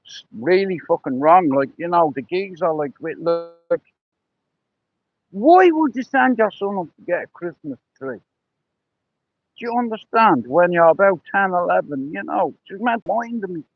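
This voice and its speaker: A man's voice: high-pitched, sing-song, moderate pace, dry recording, narrow, tinny audio. A man telling rambling, profane stories on a livestream, with lots of "you know" between them. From Ireland. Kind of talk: casual storytelling on a livestream.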